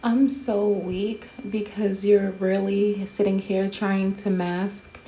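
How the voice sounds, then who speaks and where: A woman's voice: medium pitch, little pitch movement, slow pace, warm tone. A woman hosting casual commentary, bluntly roasting someone with a lot of profanity. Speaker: commentary host.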